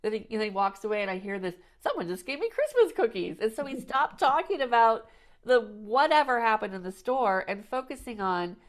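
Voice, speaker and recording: A woman's voice: on the high side, fairly quick. A woman hosting a podcast, chatting casually and telling rambling stories with frequent restarts and "you know"s. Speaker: podcast host. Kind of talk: casual conversational chat.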